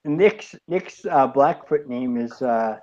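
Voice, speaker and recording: Slow halting man on muffled call audio. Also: mid-range voice, animated, a little mellow. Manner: halting, loose, swearing, many fillers. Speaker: regular on a chat show. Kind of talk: casual group chat over a call.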